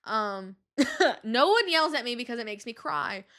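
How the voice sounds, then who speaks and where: Bright-voiced young woman telling stories. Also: on the high side, unhurried. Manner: animated, slangy, with lots of fillers. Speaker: podcast host. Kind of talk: casual storytelling monologue.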